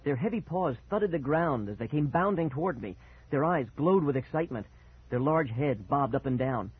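A man reading a first-person story aloud with expressive, dramatic delivery and a husky voice. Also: fairly high pitch, moderate pace. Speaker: audiobook narrator. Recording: tinny phone-like sound.

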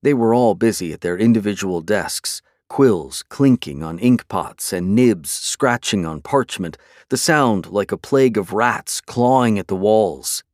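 This fantasy audiobook is narrated by a man with a fairly low pitch, telling the story in a calm, measured way. It's a dry, studio-quality recording.

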